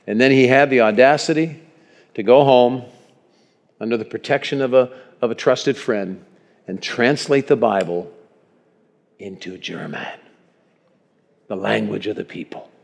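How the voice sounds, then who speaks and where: A male pastor preaching a sermon in a church, animated and chuckling, calling for amens from the congregation. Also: mid-range voice, a little slow, gravelly, pauses often. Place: church sanctuary. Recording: long reverb in a church hall.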